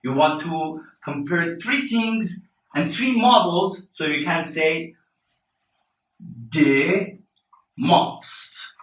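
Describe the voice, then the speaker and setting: Slow, bright-voiced male teacher, roomy sound. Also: a little high, animated. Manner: slow and deliberate, spells letters out, frequent fillers. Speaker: English teacher. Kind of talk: classroom grammar lesson. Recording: lo-fi, roomy, mic at a distance.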